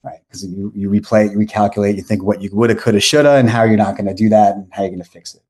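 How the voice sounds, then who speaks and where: A man's voice: lowish voice, steady tone, fast talker, a little mellow. A man in his forties from South Florida, a podcast guest telling a long story casually, rambling and correcting himself as he goes.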